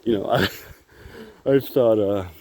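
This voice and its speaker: Walking outside with his phone in hand, a man records a rambling vlog, candid and meandering, with frequent laughter and casual swearing. He speaks slowly in a lowish voice with a darkish tone.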